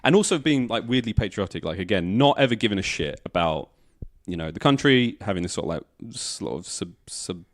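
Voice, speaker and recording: A man's voice: on the low side, expressive, normal speed, few pauses. A young man chatting casually as a podcast guest, laid-back and swearing freely. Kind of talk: casual chat.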